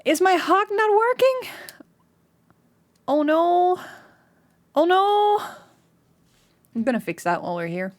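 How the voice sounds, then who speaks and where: Slow and often pausing, a young woman hangs out with viewers during a live stream, frequently giggling and breaking into excited squeals at a high pitch.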